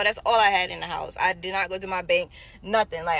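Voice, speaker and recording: A woman's voice: on the low side, a little fast, vocal fry, fairly bright tone. A woman telling her own story in a casual storytime monologue, emphatic and talking straight to her viewers.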